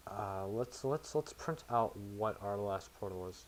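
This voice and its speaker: A man with a slightly low voice narrates his own programming for viewers in a relaxed, unscripted way. He thinks out loud and pokes fun at himself, while faint noise sits in the background. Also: unhurried. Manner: thinks aloud, self-mocking asides. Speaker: programmer streaming to chat. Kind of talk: casual live coding commentary.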